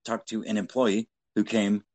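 A man's voice: fairly low pitch, flat delivery, moderate pace, a little mellow. A man co-hosting a podcast, telling casual anecdotes in a blunt, profanity-heavy way. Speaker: podcast co-host. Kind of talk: casual storytelling chat.

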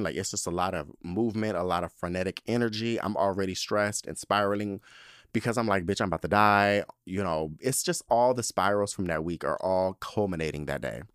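Lowish-voiced man telling a dramatic, profane story. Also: smooth, no room sound, studio quality. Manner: animated, dramatic, profane and chatty. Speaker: podcast host. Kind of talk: casual storytelling monologue.

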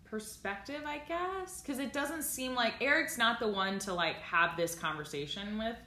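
Excitable woman host, bright and echoey. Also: fairly high pitch, moderate pace. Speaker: podcast co-host. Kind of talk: casual chat.

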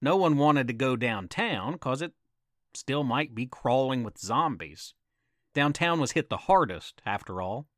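Slow, lively campfire storyteller man. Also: medium pitch, no room sound, clean studio sound. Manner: dramatic, teasing asides to listeners. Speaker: podcast storyteller.

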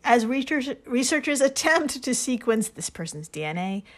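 A woman's voice: a little high, sing-song, moderate pace. A woman co-hosting a podcast, telling a story in casual chat, laughing often and swearing freely. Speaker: podcast co-host.

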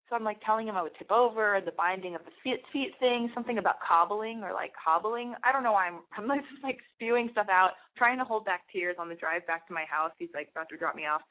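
A young woman hosting a podcast, rambling through a candid personal story with lots of "like" and fillers. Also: mid-range voice. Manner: rambling, confessional, heavy use of "like". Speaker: podcast host. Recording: phone-like narrow band.

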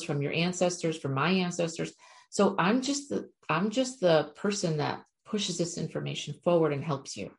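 A middle-aged woman, an animal communicator, giving a chatty, frank spiritual talk to her viewers with casual swearing. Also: low voice.

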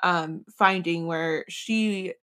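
A woman's voice: on the low side, steady tone, extremely slow, sharp tone. A woman co-hosting a podcast, talking through a book chapter in a loose, rambling way with lots of fillers and restarts. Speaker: podcast co-host. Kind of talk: casual book discussion.

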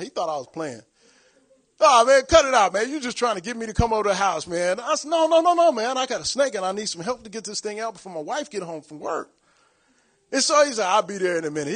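A man preaches by telling a long, funny personal story. His voice sits high for a man, and he laughs often, breaks into shouts and acts out the voices of the people in it. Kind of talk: storytelling sermon.

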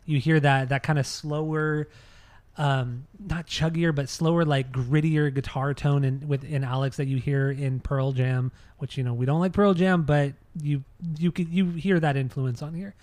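A man with a slightly higher voice rambles in a laid-back way while co-hosting a casual podcast, laughing easily between points. The recording is dry and close. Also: fairly even intonation, moderate pace, darkish tone, no room sound. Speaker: podcast co-host. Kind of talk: casual chat.

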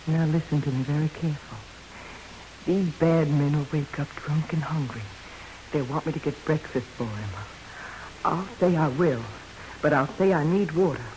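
A woman's voice: sits low, normal speed, darkish tone, slight background noise, close to an everyday voice, rough recording. A woman playing a fierce frontier widow mother. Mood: determined. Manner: blunt, threatening and commanding. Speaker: radio drama actor. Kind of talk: 1940s radio acting.

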